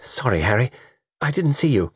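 A man voicing a hurried, insistent young woman guest in a storybook reading. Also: mid-range voice, big pitch swings, breathy edge, no echo, studio quality, voice pushed up.

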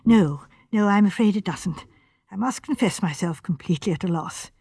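A woman reading as a shrewd, gentle elderly spinster, talking softly with hesitant pauses. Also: mid-range voice, breathy edge, dry recording, clean studio sound. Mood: musing. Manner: soft, hesitant, musing.

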